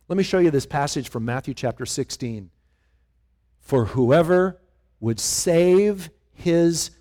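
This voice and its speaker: A middle-aged male pastor preaching a conversational sermon, often asking his listeners questions. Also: medium pitch. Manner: animated, conversational, asks the congregation questions.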